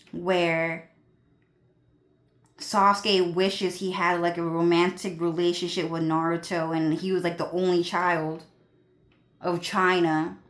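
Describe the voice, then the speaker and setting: A young woman vlogger ranting to her viewers in a crude, swearing, rambling way, full of fillers. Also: fairly low pitch. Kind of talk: rambling profane rant to viewers.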